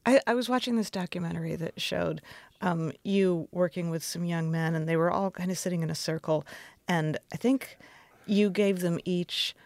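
A woman's voice: on the low side, moderate pace, a little mellow, no echo. A woman interviewing a guest, asking probing, thoughtful questions.

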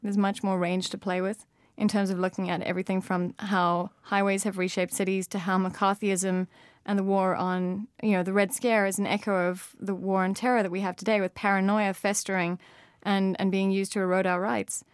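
A woman's voice: mid-range voice, little pitch movement, normal speed, smooth, no echo, clean studio sound. A woman author with a South African accent, talking thoughtfully in an interview with frequent fillers and restarts.

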